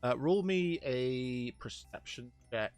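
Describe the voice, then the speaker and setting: A man's voice: mid-range voice, expressive, a little mellow, no room sound, faint music behind. A man narrating as game master, hesitant with many fillers and restarts. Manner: halting, lots of fillers and restarts.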